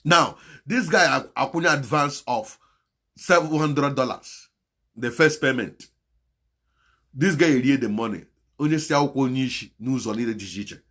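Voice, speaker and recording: A man with a Nigerian Igbo accent delivering a moralizing monologue on his channel, mixing Igbo and English, impassioned and pleading by turns. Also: normal speed. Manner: impassioned and moralizing, swinging between loud exhortation and low pleading. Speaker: channel host.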